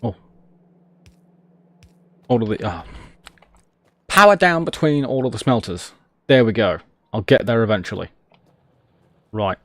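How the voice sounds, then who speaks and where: A man's voice: medium pitch, lively intonation, measured pace, pauses often, a bit bright, no room sound. A man streaming a game, rambling and self-mocking as he talks to himself while he plays. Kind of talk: casual gameplay commentary.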